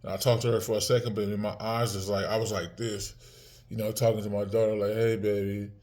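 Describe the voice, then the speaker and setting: A man's voice: on the low side, little pitch movement, fast, a little mellow. A man in his forties talking casually to the camera, heated and profane, repeating words and restarting often. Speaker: vlogger.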